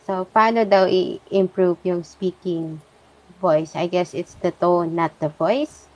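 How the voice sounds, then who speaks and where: A woman hosting a podcast, chatting in a relaxed way and switching between Tagalog and English. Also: on the low side, takes it slowly, dull audio. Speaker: podcast host. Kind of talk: casual podcast chat.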